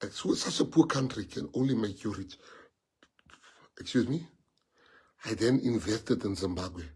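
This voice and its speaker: Husky South African man, impassioned. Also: lowish voice, expressive, a little slow, a little mellow. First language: Afrikaans. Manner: emotional, rambling, piles up rhetorical questions. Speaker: politician addressing party members. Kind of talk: impassioned livestream address.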